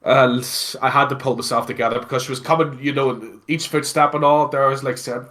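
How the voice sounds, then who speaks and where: A man with a Belfast accent, telling a story casually as an interview guest, animated and swearing freely between lots of fillers. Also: medium pitch, a little fast, few pauses. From Northern Ireland.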